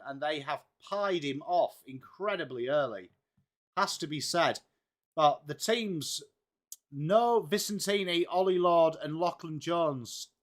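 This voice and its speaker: A man's voice: on the high side, a bit bright. Chatty English man hosting a livestream. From England. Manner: chatty, upbeat, greets viewers by name. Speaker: livestream host of a football watchalong. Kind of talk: casual live-stream chat, greeting chat viewers.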